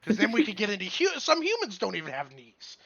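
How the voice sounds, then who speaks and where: Animated, swearing podcast co-host, lo-fi sound. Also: mid-range voice, quick pace, vocal fry, breathy edge. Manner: animated, swears freely, mock-indignant. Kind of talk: casual chat.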